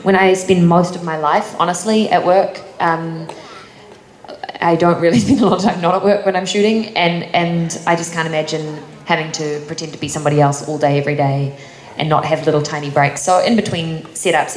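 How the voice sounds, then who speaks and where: A woman's voice: fairly low pitch, steady tone, brisk. A young woman with a New Zealand accent, answering fan questions at a convention panel, chatty and laughing often between fillers. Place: convention hall. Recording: echoey hall, faint noise.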